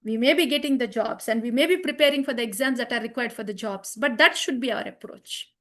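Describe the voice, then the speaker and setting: Earnest high-voiced woman teaching children. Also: fast. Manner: earnest, repeats phrases, asks the class questions. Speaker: Bhagavad Gita teacher for children. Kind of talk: class teaching with verse chanting.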